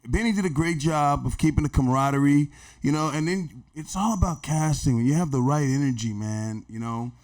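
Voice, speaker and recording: A man guesting on a podcast, talking in a relaxed, reflective way and often adding "man". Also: fairly high pitch, brisk. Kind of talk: casual interview chat.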